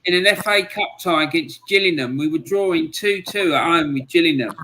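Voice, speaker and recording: A man's voice: on the high side, brisk, pushed and bright, poor audio. A man co-hosting a casual fan chat, telling a reminiscing story in an easygoing, chatty way. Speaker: co-host of a fan podcast.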